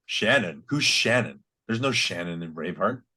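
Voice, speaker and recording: A man's voice: low-pitched, expressive, normal speed, bright, forceful tone, slightly rough. A man co-hosting a podcast, teasing and correcting his co-host in casual chat.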